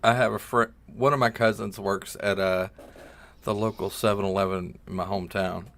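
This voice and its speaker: Man, low voice, halting and crude, casual chat guest. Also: fairly even intonation, vocal fry, fairly bright tone.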